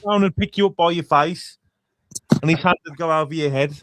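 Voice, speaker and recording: Man, phone-in host, fairly high voice, excitable and sweary. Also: brisk. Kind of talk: casual chat.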